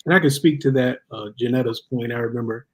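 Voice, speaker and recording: Man telling stories with animated quotes. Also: mid-range voice, quick pace, husky. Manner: animated storyteller, acts out quotes. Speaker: guest chaplain. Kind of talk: storytelling in conversation.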